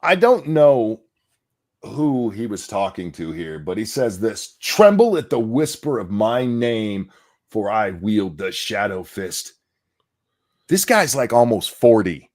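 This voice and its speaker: A man's voice: on the low side, big pitch swings, slow, a little mellow. A man co-hosting a podcast in casual chat, sardonic and profane, with frequent sighs. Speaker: podcast co-host.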